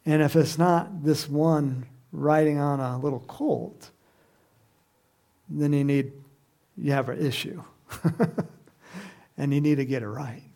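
A slow, unhurried man preaching a sermon, his voice gravelly with a touch of fry. He speaks at a slightly higher pitch than most men and keeps it conversational, turning to his listeners with questions as he goes. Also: mellow. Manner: conversational, asks the congregation questions, laughs.

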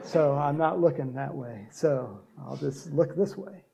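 High-voiced man preaching with playful asides. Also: a little slow, creaky. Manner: lively, acts out cheering crowds in loud shouts; joking asides to the congregation. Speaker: pastor. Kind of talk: sermon.

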